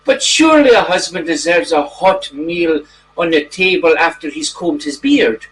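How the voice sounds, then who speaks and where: Playing a genteel gentleman, a male actor narrates a mock children's bedtime story in a gentle, drawn-out way. His voice is high-pitched with lively intonation, and the distant mic picks up a faint hiss of background noise.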